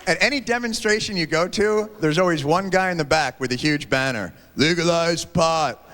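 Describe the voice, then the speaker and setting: A man performing a stand-up comedy set, animated and shouting his punchlines. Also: sits high, a little fast. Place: large theater stage with audience. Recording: 1990s VHS TV broadcast, hall reverb, laughing crowd. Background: audience laughter.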